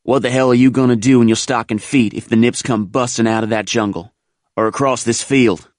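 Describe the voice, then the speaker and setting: A man voicing an exasperated veteran marine who scolds his buddy in an excited, blunt way. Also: medium pitch, brisk, dry recording, clean studio sound, close to an everyday voice.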